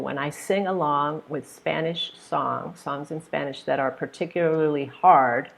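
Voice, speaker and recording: A woman's voice: deep voice, creaky. An American woman teaching pronunciation in a live online lesson, patiently demonstrating intonation with examples. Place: hot room.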